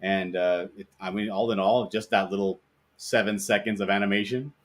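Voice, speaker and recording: A man hosting a casual podcast chat, telling stories in a rambling, animated way. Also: on the low side, moderate pace.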